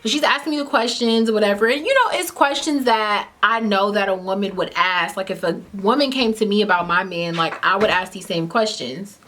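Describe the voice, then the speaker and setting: A woman's voice: mid-range voice, fairly quick, few pauses. Chatty young woman spilling a story. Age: 20s. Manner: chatty, animated, heavy use of "like" and "you know what I'm saying"; eats while talking at times. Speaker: vlogger telling a story. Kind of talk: casual story time.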